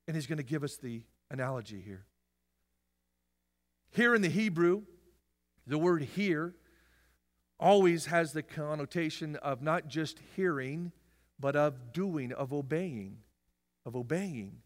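A man preaching a sermon as pastor, emphatic and repetitive, rising to shouts and dropping into jokey asides. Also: fairly high pitch, lively intonation, measured pace, pauses often. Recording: long hall reverb.

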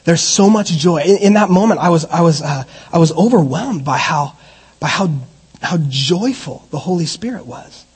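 A middle-aged man preaches a sermon in a church, his voice husky and pitched fairly high. He swings between loud, animated preaching and relaxed storytelling full of restarts. Long reverb trails each phrase through the hall. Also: moderate pace. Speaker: pastor.

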